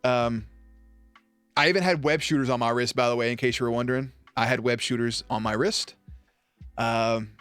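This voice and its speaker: A man's voice: medium pitch, fairly even intonation, normal speed, fairly bright tone, smooth, faint music behind. A man streaming, telling a story in a loose, profane way and laughing at his own punchlines. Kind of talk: casual storytelling on a live stream.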